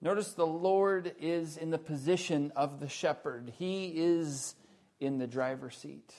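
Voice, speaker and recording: A man preaching a sermon, slow and deliberate, stressing key words loudly and dropping to hushed low lines.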